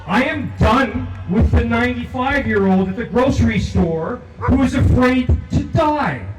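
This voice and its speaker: An older man giving an impassioned protest speech outdoors, declaiming repeated lines and shouting to lead the crowd in chants. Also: very high-pitched, animated, a little slow, music in the background. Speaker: protest speaker. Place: outdoor rally at a legislature. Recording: echoey, distant from the mic, loud crowd.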